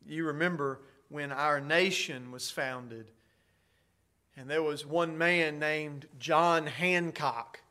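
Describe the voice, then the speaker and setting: Slow, emphatic male preacher. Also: fairly high pitch, fairly even intonation. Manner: slow, emphatic preaching that rises to loud declarations. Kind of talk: sermon.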